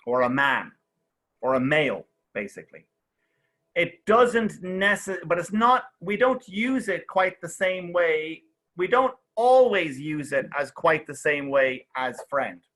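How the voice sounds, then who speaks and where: A man's voice: a little high, very animated, takes it slowly, fairly bright tone. A young man teaching an online English class in a chatty way, explaining with lots of examples and checking in with "okay?" and "right?".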